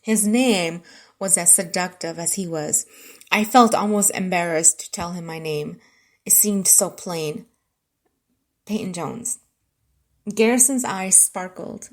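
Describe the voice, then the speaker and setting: Expressive woman narrating a romance. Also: lowish voice, measured pace. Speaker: audiobook narrator. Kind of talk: first-person romance narration.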